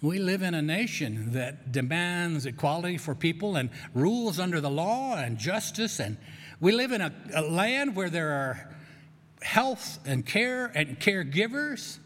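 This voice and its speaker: A man's voice: a little high, very animated, unhurried, fairly bright tone, big-room sound. A man preaching a sermon as pastor, who often restarts and repeats words while searching for them. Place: church sanctuary.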